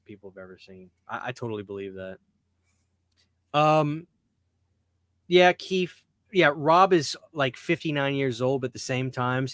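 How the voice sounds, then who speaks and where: Male podcast host, mid pitch, blunt and emphatic, swears freely, dry recording. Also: fairly bright tone, no room sound. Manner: blunt, profane, emphatic ranting. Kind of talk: casual chat.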